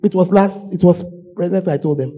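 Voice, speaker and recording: A man preaching a sermon in a church, voice hoarse, swinging from shouts to low murmurs. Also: brisk. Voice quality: husky. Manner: emotional, shouting preaching with sudden drops to low tones. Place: church sanctuary.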